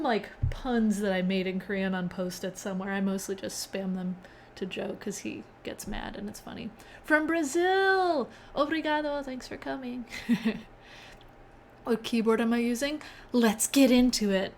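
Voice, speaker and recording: A woman's voice: medium pitch, a little hiss or hum. A young woman hosting a casual live-coding stream, chatting with viewers and often laughing. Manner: chatty, reads chat aloud, laughs often.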